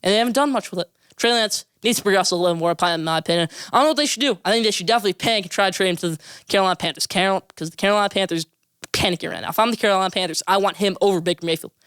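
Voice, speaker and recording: Fast-talking emphatic young male sports host. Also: sits high, a bit bright, clear, resonant tone, dry recording, studio quality. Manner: rapid, emphatic, opinionated, repeats names for emphasis. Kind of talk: solo sports opinion podcast.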